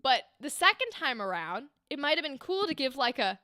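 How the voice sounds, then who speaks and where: A woman's voice: high-pitched, very animated, moderate pace, bright, forceful tone, no room sound, studio quality. A woman hosting a livestream, giving bubbly, encouraging critiques of voice acting takes in a chatty way.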